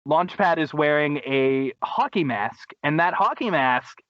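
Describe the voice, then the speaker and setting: A man's voice: a little high, expressive, a little slow, fairly bright tone, highs cut off. A man hosting a casual podcast, recapping episodes with enthusiastic, rambling talk. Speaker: podcast host. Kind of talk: casual chat.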